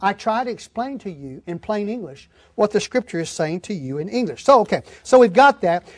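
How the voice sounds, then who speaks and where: A man with a Texan accent preaching a folksy, animated sermon, slowing down to stress key words. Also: high voice, no room sound. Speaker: pastor.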